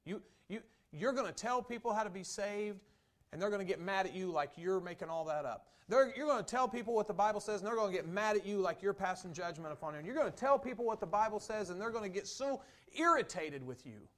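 A male pastor with a notably high voice delivers a sermon. He talks to the congregation in a plain, conversational way, then builds into loud, forceful preaching. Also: expressive, quick pace.

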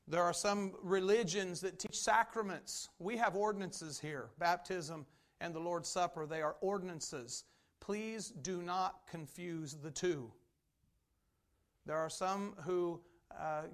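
A Baptist pastor with a high-pitched, slightly bright voice preaches a sermon. He is emphatic and keeps repeating phrases.

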